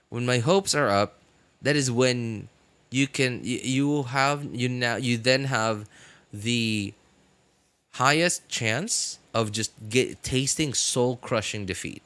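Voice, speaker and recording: A man's voice: medium pitch, lively intonation, slow, a bit bright, no echo. A man streaming a game, chatting casually in a rambling, wry way, often restarting his sentences. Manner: rambling, self-correcting, wry. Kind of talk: casual live-stream chat.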